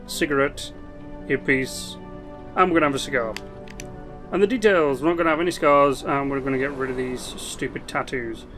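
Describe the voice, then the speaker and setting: A man giving casual commentary as he plays a strategy game, explaining its mechanics with quick asides and restarts. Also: mid-range voice, a bit bright, soft background music. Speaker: gaming video host.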